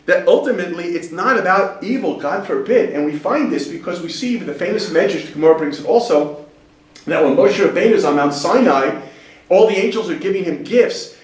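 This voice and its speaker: A man's voice: sits high, a little mellow. A middle-aged man teaching a class in a chatty, joking way, acting out quotes in funny voices. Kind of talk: casual lecture to a class. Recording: echoey room, voice from far off.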